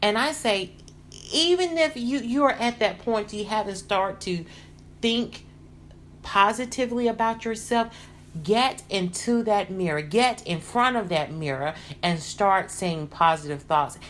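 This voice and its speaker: A woman hosting a motivational podcast, talking in an earnest, encouraging way that grows lively when she gets excited. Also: medium pitch, measured pace, a little hiss or hum. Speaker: podcast host.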